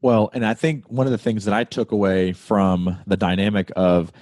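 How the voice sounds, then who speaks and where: A man's voice: on the low side, little pitch movement, normal speed, darkish tone, no room sound, studio quality. A man hosting a podcast interview, summing up and affirming what his guest said. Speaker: podcast host. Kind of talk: casual interview chat.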